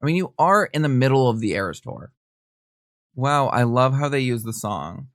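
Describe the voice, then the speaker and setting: A man hosting a podcast, reading messages aloud and reacting with quick, gossipy asides. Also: medium pitch, dry recording, studio quality. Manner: animated, gossipy, reads texts aloud with quick asides and laughs. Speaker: podcast host. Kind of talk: casual reaction commentary.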